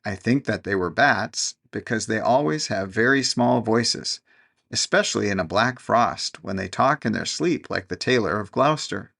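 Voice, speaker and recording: A man reading a classic storybook aloud in a gentle, measured narration. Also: lowish voice, lively intonation, vocal fry.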